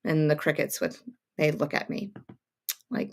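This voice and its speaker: A woman's voice: low-pitched, monotone, unhurried, long pauses. Chatty woman hosting a sewing livestream. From upstate New York, near Montreal. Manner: chatty, greets viewers by name, rambling asides. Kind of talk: casual live-stream chat.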